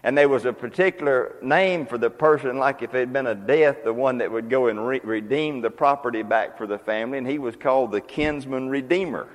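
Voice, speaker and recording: A man preaching a sermon to a congregation, folksy and conversational, often asking them questions. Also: medium pitch. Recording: long reverb of a hall.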